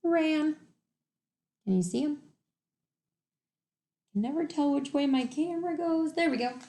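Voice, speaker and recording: A woman, a teacher giving a remote reading lesson to young children from home on a laptop mic, enunciating each word slowly and clearly and sounding encouraging. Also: sits high, lively intonation, dark tone. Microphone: laptop computer mic.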